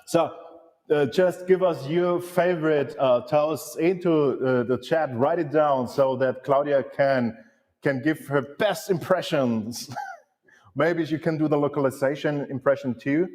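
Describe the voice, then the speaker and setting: A man's voice: a little high, a little slow, a little mellow. A man hosting a live beer tasting, talking in a jokey, eager way and often stumbling over and repeating his words. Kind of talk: casual live-stream chat. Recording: long hall reverb.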